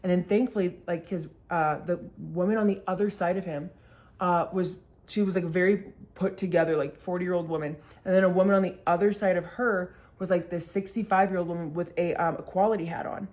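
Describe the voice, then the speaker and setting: A vlogger in her twenties tells a story in a chatty way, swearing freely and using "like" constantly. Her voice is lowish and darkish with a steady tone, and she talks fairly quickly.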